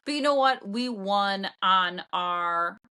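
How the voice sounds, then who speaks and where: Emphatic woman podcast cohost, swears a lot, bright edgy voice. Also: medium pitch, lively intonation, slow, clear, resonant tone. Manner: blunt, emphatic, swears freely. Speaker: podcast co-host. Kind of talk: casual chat.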